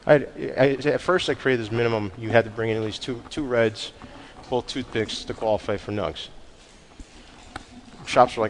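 A man's voice: mid-range voice, steady tone, normal speed, rough recording. Male cigar maker, swearing freely in loose chat, slight background noise. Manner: blunt, profane storytelling. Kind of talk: casual chat.

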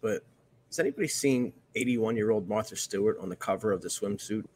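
A man's voice: fairly low pitch, fairly quick, darkish tone, slight background noise. A man co-hosting a podcast in casual chat, laid-back and wisecracking. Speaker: podcast co-host.

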